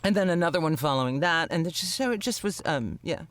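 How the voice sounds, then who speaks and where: Husky-voiced man, dry close sound. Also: on the high side, animated, quick pace, a bit bright, dry recording. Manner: wry, rambling, laughs often. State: husky morning voice. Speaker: podcast co-host. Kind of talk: casual chat.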